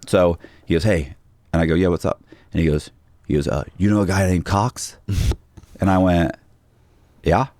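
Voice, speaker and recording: A man's voice: deep voice, steady tone, normal speed, pauses often, a little mellow, no echo. A man, a podcast guest, telling a long story in a casual interview and acting out the dialogue of the people in it.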